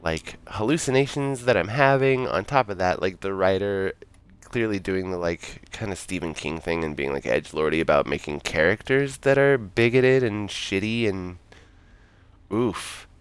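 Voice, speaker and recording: A man's voice: sits low, normal speed, smooth, dry recording. A man streaming himself reading a narrative game aloud, with casual comments in between. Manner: animated, reads narration in second person.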